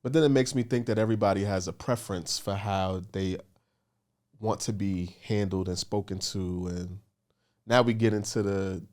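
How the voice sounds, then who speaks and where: Frank, low-voiced male podcast guest. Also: fairly even intonation, normal speed, a little mellow. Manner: candid, emphatic, speaks frankly about himself. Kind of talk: casual podcast conversation.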